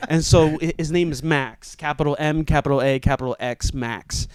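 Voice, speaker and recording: Heard first is a young man's voice, a bit higher than most, smooth and clean, as he spins a wild story and acts out the shouting. It sounds close-miked and dry, with no room around it. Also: normal speed, no room sound. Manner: animated, acts out shouted quotes. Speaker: comedian and show organizer. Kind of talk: casual storytelling.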